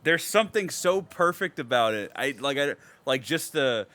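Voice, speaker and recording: A young man co-hosting a podcast in casual chat. He talks excitably and swears a lot, dropping to mumbles and then jumping into loud outbursts. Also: mid-range voice, moderate pace. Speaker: podcast co-host.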